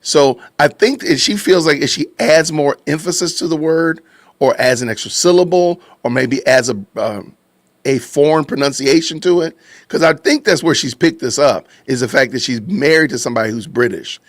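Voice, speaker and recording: A man's voice: fairly high pitch, moderate pace, dry recording. A man hosting a live-stream podcast in casual commentary, reacting to chat with repeated phrases and frequent laughs. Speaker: podcast host.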